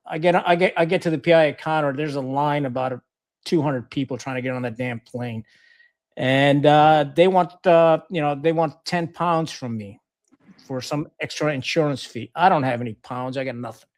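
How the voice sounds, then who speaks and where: A man's voice: fairly high pitch, darkish tone. A middle-aged man from Pakistan, a retired Marine officer, telling war stories as a podcast guest in a frank, profane way, with lots of fillers and restarts. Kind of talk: casual storytelling interview.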